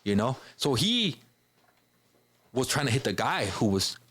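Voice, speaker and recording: A man's voice: mid-range voice, sing-song, measured pace, fairly bright tone, breathy edge. A man from Chicago, a podcast guest, telling a personal story in a casual, informal way, filling his speech with "you know" and "bro".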